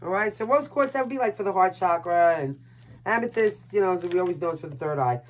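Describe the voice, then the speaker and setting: A woman's voice: on the low side, expressive, fast, lo-fi sound. Brash chatty woman reading tarot. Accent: Brooklyn New York. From Brooklyn, New York. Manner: chatty, brash, swears and laughs at own jokes. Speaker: tarot reader and live-stream host. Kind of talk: casual live-stream tarot reading.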